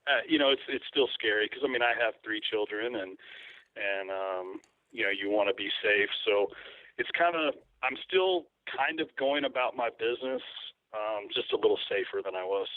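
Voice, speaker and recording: A man's voice: on the low side, lively intonation, moderate pace, no room sound. A man talking casually as an interview guest, rambling with fillers and restarts. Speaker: guest, hunting photographer. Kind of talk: casual interview over the phone. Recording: tinny phone line.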